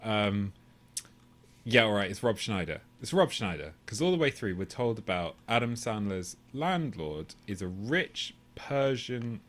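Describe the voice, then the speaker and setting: A man's voice: on the low side, very animated, a little slow, a bit bright. A man co-hosting a podcast, talking casually in long rambling, tangential stretches with the odd swear. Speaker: podcast co-host. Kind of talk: casual chat.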